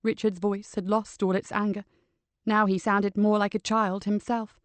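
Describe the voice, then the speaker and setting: A woman narrating a crime audiobook in a measured, steady way. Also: medium pitch, no echo.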